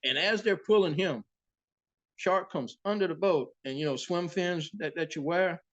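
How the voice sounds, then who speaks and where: A man's voice: high-pitched, normal speed, lo-fi sound. Salty man telling sea stories. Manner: profane, animated sea-story telling. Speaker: boat captain and interview guest. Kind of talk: casual storytelling.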